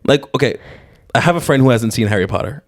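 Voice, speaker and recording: A man's voice: mid-range voice, lively intonation, fast talker. A man co-hosting a podcast in casual chat, reacting with teasing disbelief. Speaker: podcast co-host.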